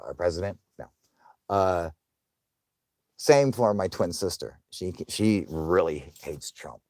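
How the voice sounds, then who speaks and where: A young man hosting a casual livestream, swearing often, laughing, and loudly thanking viewers for donations. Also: deep voice, breathy edge, dry recording, studio quality. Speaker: livestream host.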